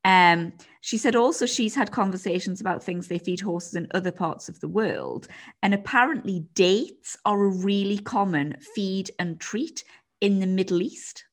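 A woman's voice: mid-range voice, normal speed. A woman hosting a podcast in casual chat, laid-back and teasing, laughing often and passing on listener messages. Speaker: podcast host.

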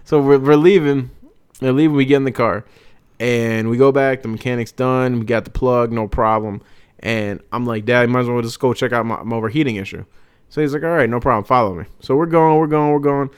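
Smooth-voiced young man telling a story. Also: medium pitch, fairly quick, no room sound. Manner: animated storyteller acting out quotes. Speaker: podcast co-host. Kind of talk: casual storytelling chat.

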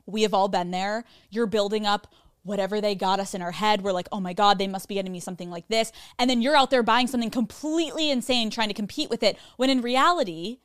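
A woman hosts a solo podcast in a chatty, candid way, swearing freely and mocking herself. Her voice sits at a middling pitch. The recording is dry and close, with no room sound. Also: no echo. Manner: candid, profane, self-mocking; chatty with frequent "like" fillers. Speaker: podcast host. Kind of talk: casual solo podcast storytelling.

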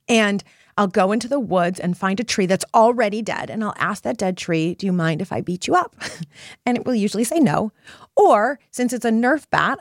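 A woman's voice: mid-range voice, no echo, clean studio sound. A woman hosting a personal self-help podcast, coaching listeners in an earnest, emphatic way. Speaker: podcast host.

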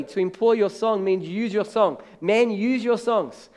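A man preaching a church sermon in a voice pitched high for a man. He reads and half-sings hymn lines, swinging between loud, bright bursts and quiet, low asides. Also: moderate pace, hardly any pauses. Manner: animated preaching, half-singing hymn lines, rising and dropping loudness. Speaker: pastor.

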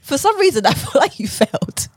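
A young woman from England, co-hosting a podcast in quick, animated casual chat. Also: sits high, dry recording, clean studio sound. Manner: quick, animated, reacts with short interjections. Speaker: podcast co-host.

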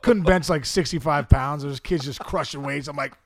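A middle-aged man from the Pittsburgh area telling comic stories on a podcast, acting out quotes with shouts and laughs. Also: a little high, moderate pace, dry recording, clean studio sound. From Pittsburgh area, USA. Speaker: podcast guest. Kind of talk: comic storytelling.

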